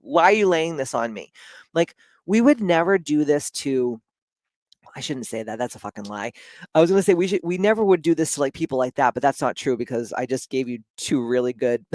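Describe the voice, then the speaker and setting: A woman's voice: very deep voice, expressive, a little fast, mellow, no echo. A woman speaking in a casual, blunt monologue, with frequent swearing and lots of "like".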